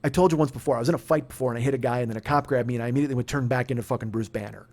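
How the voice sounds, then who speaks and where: A man's voice: medium pitch, racing, a little mellow. A man telling a comedic story as a podcast host, profane and building into exasperated ranting.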